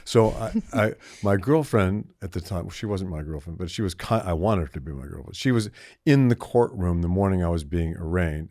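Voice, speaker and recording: A man's voice: deep voice, animated, a little fast, a little mellow, dry recording, clean studio sound. An older man in his seventies, a podcast co-host telling a long story in casual chat, rambling with restarts and acting out the voices he quotes.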